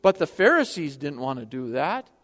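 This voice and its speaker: Impassioned high-voiced male preacher. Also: very animated, moderate pace, in a large hall. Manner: impassioned, swings from loud to hushed. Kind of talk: sermon.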